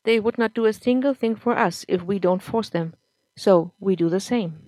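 A woman's voice: mid-range voice, moderate pace, darkish tone, no room sound, natural voice. A woman voicing an indifferent adult nurse who speaks in a cold, matter-of-fact way in a story reading.

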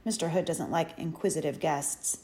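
A woman's voice: low voice, fairly even intonation, normal speed, mellow, natural voice. A woman voicing a stern, guarded older housekeeper who speaks in warning tones.

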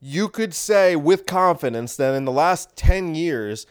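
A man hosting a podcast, delivering a rambling sarcastic monologue with deadpan asides. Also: fairly high pitch, unhurried, smooth. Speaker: podcast host.

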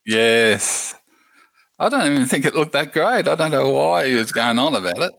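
A man's voice: mid-range voice, very animated, normal speed, gravelly, a bit bright, dry recording. A man co-hosting a podcast, chatting casually and wryly about a reality show, agreeable and easygoing. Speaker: podcast co-host.

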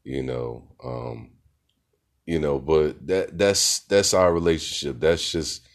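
A man's voice: extremely low pitch, slow, vocal fry. A middle-aged man and podcast host telling a casual story in a laid-back, rambling way, full of fillers.

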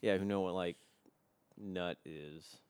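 A young man co-hosting a podcast, making dry, deadpan quips in casual chat. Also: deep voice, takes it slowly, smooth. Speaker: podcast co-host.

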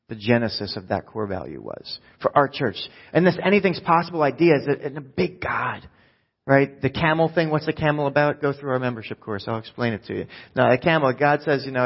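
A male pastor preaching a sermon in a casual, conversational, self-deprecating way. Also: mid-range voice. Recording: dull echoey hall sound.

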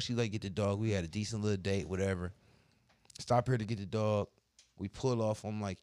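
A man's voice: lowish voice, fairly even intonation, fairly quick, a little mellow, no room sound. A man who works as a barber and co-hosts a podcast, telling crude, heated stories about arguments in a blunt, profane, casual way. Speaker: podcast co-host.

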